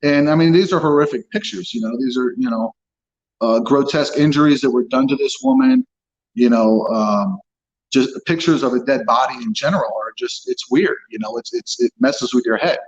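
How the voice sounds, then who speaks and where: A man's voice: medium pitch, expressive, moderate pace, muffled recording. A man telling his own story as an interview guest, blunt and frank, swearing freely as he talks. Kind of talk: candid personal account.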